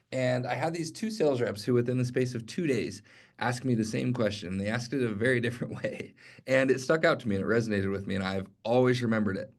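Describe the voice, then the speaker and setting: Young adult male sales coach, energetic, conversational, mid-pitched voice, talks straight to his team. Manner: energetic, conversational, direct address with frequent "okay?". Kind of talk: motivational sales training talk.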